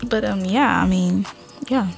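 A young woman hosting her own podcast, chatting loosely with lots of fillers and restarts and often dropping into a soft whisper. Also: medium pitch, a little slow, vocal fry, faint music behind. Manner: rambling, many fillers and restarts. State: out of breath. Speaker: podcast host. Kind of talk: casual solo podcast chat.

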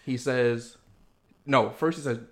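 A man's voice: mid-range voice, fairly even intonation, slow, a bit bright. A man hosting a casual podcast, talking in a laid-back, slangy and profane way as he lays out his points step by step. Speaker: podcast host.

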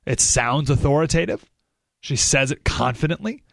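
A man's voice: fairly high pitch, expressive, normal speed, vocal fry, a bit bright, no echo. A man hosting a radio talk show, giving an emphatic, opinionated monologue full of rhetorical questions, recorded in a studio.

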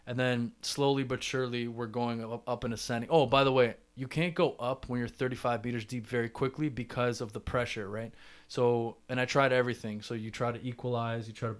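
A man's voice: medium pitch, steady tone, brisk. A young man hosting a solo podcast, telling a personal story in a chatty way full of fillers and restarts. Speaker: podcast host.

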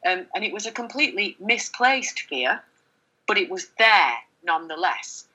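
A middle-aged woman journalist speaking candidly in an interview, animated, with many fillers and restarts. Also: medium pitch, moderate pace, slightly rough, dull audio. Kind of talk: conversational interview.

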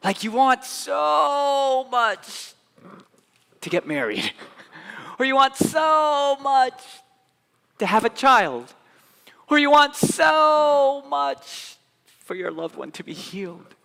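Pastor guy preaching in a big echoey church, high bright voice, goes loud then really quiet. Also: slow pace, creaky. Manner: animated, swings from loud emphatic to soft hushed. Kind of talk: sermon. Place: church sanctuary.

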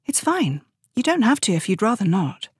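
A woman voicing a gentle, curious young volunteer nurse in an audiobook, speaking softly. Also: mid-range voice, big pitch swings, normal speed, husky, no echo, studio quality, voice pushed up. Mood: gentle concern.

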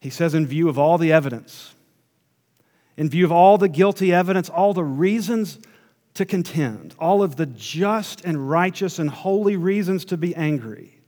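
A man preaching a sermon as pastor, swinging between hushed asides and emphatic, rising passages. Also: on the high side, long reverb tail.

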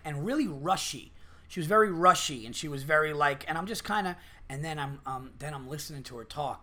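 Podcast host, male, a bit high, bright and forceful tone, swears freely, acts out quotes. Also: brisk. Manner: profane, rambling storytelling with acted-out quotes. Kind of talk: casual podcast chat.

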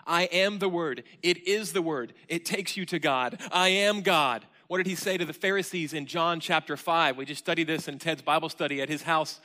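A man preaching a sermon to his church congregation, earnest and emotional, swinging from loud emphasis down to near-whispers. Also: a little high, normal speed, hardly any pauses. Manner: earnest, emotional, admits crying mid-sermon. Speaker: pastor. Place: church sanctuary.

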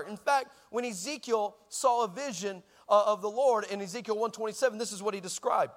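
A man's voice: high voice, brisk, hardly any pauses, in a large hall. A man with a Texan accent preaching a sermon, telling a comic story and often asking the congregation if they are with him. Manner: animated, shouting at punchlines, conversational asides to the congregation. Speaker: pastor.

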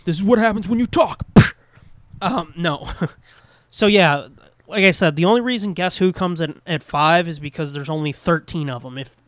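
A man co-hosting a podcast, chatting casually with lots of swearing and quick voice impressions. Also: on the high side, no echo. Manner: animated, swears a lot, mimics voices. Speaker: podcast co-host. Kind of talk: casual profane chat.

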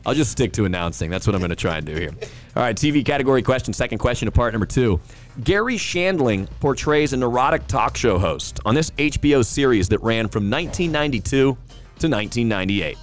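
A man's voice: medium pitch, lively intonation, fast talker, soft background music. A man hosting a pub trivia podcast who announces each question, repeats it and jokes between rounds. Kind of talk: casual podcast quiz announcing.

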